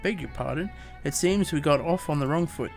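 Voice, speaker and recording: A man's voice: on the high side, a little fast, creaky, soft background music. A man reading game dialogue aloud as a fussy, long-winded young woman scholar, stumbling over words. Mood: prim.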